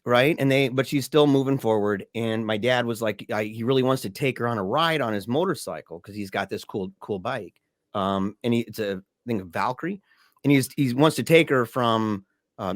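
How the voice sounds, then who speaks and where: A man hosting a podcast in casual conversation, with a relaxed, rambling manner and many fillers. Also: medium pitch, no echo, clean studio sound. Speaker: podcast host.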